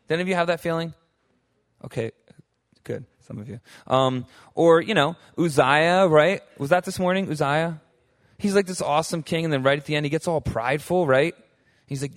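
A man's voice: mid-range voice, a little fast. A young man teaching a Bible study to a group in a casual way, leaning on "like" and "right?" and acting out the people he quotes. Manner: animated, acts out quotes with voices; fillers like "like" and "right?".

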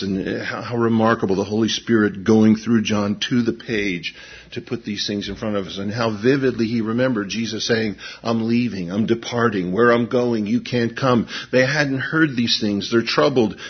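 Husky-voiced pastor in his fifties preaching. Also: on the low side, normal speed, muffled recording. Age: 50s. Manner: swings from hushed intensity to animated storytelling. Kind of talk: sermon.

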